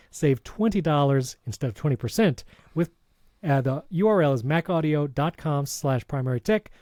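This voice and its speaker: Male podcast host, casual tech chat, enthusiastic, mellow tone, dry close sound. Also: a little high, no room sound. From Hispanic background. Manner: enthusiastic, reads sponsor spots with quick asides.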